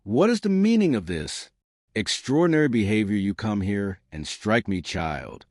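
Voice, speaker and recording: A man's voice: on the low side, sing-song, takes it slowly, a little mellow, no echo, clean studio sound, heavily acted. A man voicing a pompous, dignified older man who speaks indignantly.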